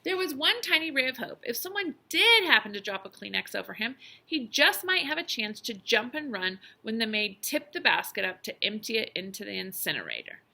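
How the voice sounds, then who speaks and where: A woman teacher reads a chapter book aloud, her pitch rising and falling expressively. Her bright, forceful tone carries a gravelly rasp. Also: brisk, few pauses. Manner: expressive storytelling with lively emphasis. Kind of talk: reading a children's novel aloud.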